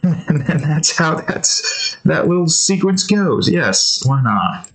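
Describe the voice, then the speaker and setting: A man's voice: on the high side, very animated, slow pace, fairly bright tone. A man chatting casually while drawing, rambling through joking tangents and laughing often. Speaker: artist and channel host.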